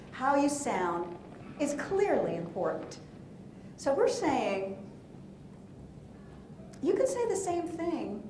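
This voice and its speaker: A woman giving a lively, playful workshop talk in a conference room, asking the audience questions as she coaches. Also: fairly high pitch, roomy sound, a little hiss or hum. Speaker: presentation coach.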